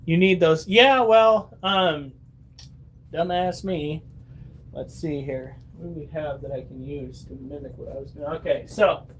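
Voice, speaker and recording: A man's voice: on the high side, unhurried, a little hiss or hum. A man in his thirties vlogging at home, telling stories to his viewers in a chatty, swearing, casual way. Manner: chatty, swears freely, acts out quotes.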